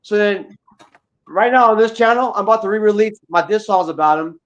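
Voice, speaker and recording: A man's voice: sits high, steady tone, brisk. A man guest on a livestream, ranting profanely and combatively with lots of repeated words. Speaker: guest rapper. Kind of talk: livestream rant. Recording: dull lo-fi audio.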